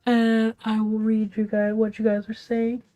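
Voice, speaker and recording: A woman streamer venting from home late at night, keeping her voice hushed and half-whispered, swearing and rambling with restarts. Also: on the high side, completely flat delivery, unhurried. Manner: hushed, half-whispered talk to keep quiet. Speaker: live streamer. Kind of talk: venting storytime on a livestream.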